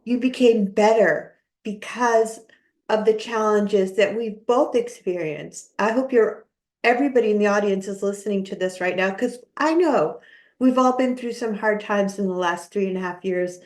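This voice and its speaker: A woman hosting an interview podcast, answering with warm, affirming replies. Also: mid-range voice, moderate pace. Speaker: podcast host. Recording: echoey room.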